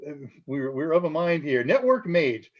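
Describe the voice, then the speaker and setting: Guy with a higher voice explaining tech exam stuff on a live stream, chatty, laughs a lot, dull lo-fi audio. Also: very animated, a little fast.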